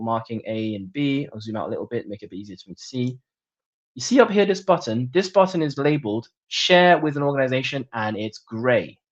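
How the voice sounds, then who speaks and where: Guy talking thru a software demo, casual and jokey, mid pitch, kinda dull audio. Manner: chatty, jokey, talks through clicks. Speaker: webinar presenter. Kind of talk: screen-share software demo.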